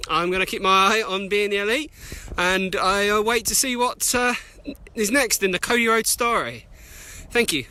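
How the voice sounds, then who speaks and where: A man's voice: high voice, normal speed, sharp tone, clear, resonant tone. Polite British-accented male interviewer. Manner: polite, formal and hesitant. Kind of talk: formal interview questions.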